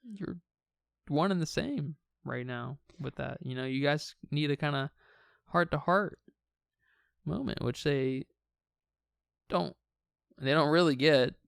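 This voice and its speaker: A man's voice: a little high, creaky, smooth, no echo. A man co-hosting a podcast, talking through a film in casual chat, often stumbling and restarting his words. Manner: halting, restarts words, relaxed enthusiasm. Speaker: podcast co-host. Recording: dry close recording.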